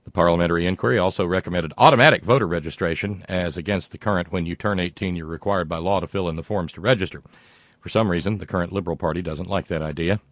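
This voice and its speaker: Older american guy reading listener letters, lowish voice, dry sound, jokey asides. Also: quick pace, dry recording. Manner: wry, digressive, reads letters aloud with asides. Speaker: show host reading listener mail. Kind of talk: casual talk show.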